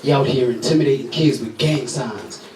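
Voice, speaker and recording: A man playing a gruff, overly serious male substitute teacher who talks in a low, urgent mutter. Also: moderate pace, darkish tone, slight background noise, natural voice. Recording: echoey room from far off, crowd laughter.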